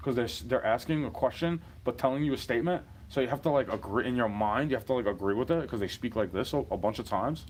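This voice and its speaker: A man's voice: medium pitch, fast, few pauses, a little mellow, a little hiss or hum. Rambling profane man from New York. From New York City. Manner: profane, rambling, chuckling between rants. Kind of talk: rambling rant monologue.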